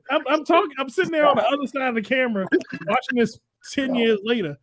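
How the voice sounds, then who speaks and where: A man hosting a podcast, telling funny stories with lots of laughter and loud acted-out quotes. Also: very high-pitched, fairly even intonation, fast, no echo. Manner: laughing often, acting out quotes loudly. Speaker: podcast host. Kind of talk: casual comedic storytelling.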